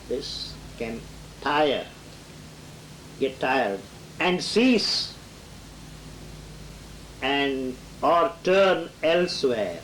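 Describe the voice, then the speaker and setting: A man's voice: mid-range voice, big pitch swings, very slow, pauses often, a bit bright, slight background noise, rough recording. A man giving a lecture on poetry who reads verse lines aloud and then explains them, with occasional chuckles.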